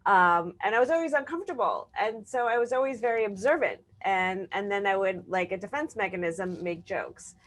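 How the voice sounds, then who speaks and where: A woman's voice: medium pitch, lively intonation, a little fast, few pauses, a bit bright. A middle-aged woman comedian on a talk show panel, steering the chat with questions and her own stories. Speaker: comedian co-host.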